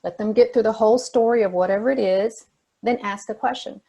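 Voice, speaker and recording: A woman speaking as guest speaker in a motivational talk to a youth forum over a video call, energetic and emphatic, repeating her key points. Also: on the high side, fairly quick, creaky, dull audio.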